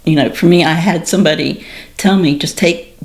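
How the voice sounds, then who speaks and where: A low-pitched, middle-aged woman tells her story in a relaxed podcast conversation. She speaks candidly with a dark sense of humor and brings quoted exchanges to life with sudden jumps in pitch. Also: moderate pace. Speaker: guest sharing her story.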